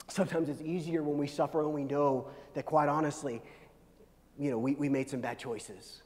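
A pastor preaching a sermon, swinging between loud, rising pleas and hushed, low lines. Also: male voice, steady tone, normal speed. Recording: long reverb of a large hall.

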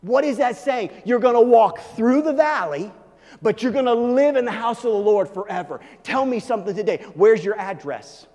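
A male pastor preaching a sermon, swinging from hushed, low asides to loud, emphatic proclaiming. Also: lively intonation, normal speed, long reverb tail.

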